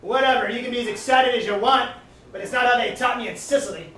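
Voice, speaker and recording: Lady playing a cocky cook on a club stage, highish voice, echoey room heard from far, crowd noise. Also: fast talker, fairly bright tone, close to an everyday voice. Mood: boastful. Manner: brash, hesitant with fillers. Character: boastful Italian restaurant cook, trained in Sicily. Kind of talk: improv comedy scene.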